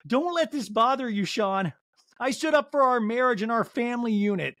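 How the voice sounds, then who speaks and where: Guy doing a high-pitched over-the-top wife, all gush, dry close mic. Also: expressive, moderate pace, a bit bright, no echo, exaggerated voice. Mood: reassuring. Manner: gushing, theatrical. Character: dramatic chirpy middle-aged wife.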